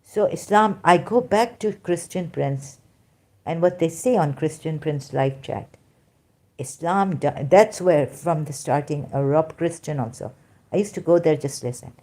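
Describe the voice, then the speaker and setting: A woman's voice: low voice, a little slow, warm tone. A woman vlogger with a non-native English accent, talking straight to her viewers in an emphatic, rambling way. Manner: emphatic, rambling, addresses listeners directly. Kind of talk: unscripted monologue to viewers.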